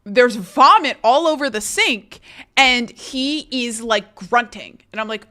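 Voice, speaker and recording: Bright-voiced young woman streamer. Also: fairly high pitch, moderate pace. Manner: animated, swears freely, laughs often. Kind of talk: casual chat storytelling.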